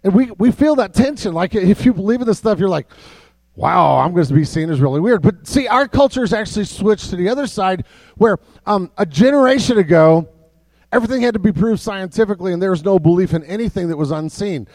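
A man with a high-pitched voice delivers a sermon from the pulpit, chatty and full of fillers and restarts. He sometimes drops to a soft, low voice for emphasis. The sound is dry and close. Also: expressive, quick pace, no echo. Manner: conversational preaching with many fillers and restarts. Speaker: pastor.

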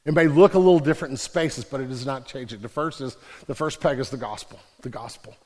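A man's voice: mid-range voice, fast, darkish tone. A man preaching a sermon as pastor, casual and joking, then building to emphatic declarations. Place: large church hall. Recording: reverberant church hall.

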